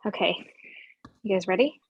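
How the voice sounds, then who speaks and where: A woman voicing a dry, skeptical teenage girl with a deadpan delivery, in a fan table read. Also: on the high side, a little slow, husky, dull audio, full character voice.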